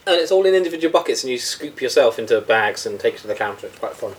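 A man's voice: mid-range voice, expressive, rapid-fire, a little hiss or hum, rough recording. A man co-hosting a podcast, chatting in a playful, teasing way. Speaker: podcast co-host. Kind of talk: casual chat.

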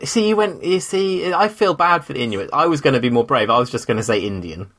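A man's voice: medium pitch, animated, fast talker, fairly bright tone. A man co-hosting a podcast, rambling with lots of hesitations and easy laughs in casual chat. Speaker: podcast co-host.

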